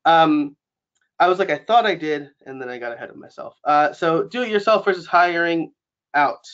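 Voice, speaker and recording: A man's voice: on the high side, expressive, normal speed, fairly bright tone, smooth. A man from New York with a New York accent, presenting a casual webinar and talking it through with lots of fillers. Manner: chatty, many fillers like um and like. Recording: dull lo-fi webinar audio.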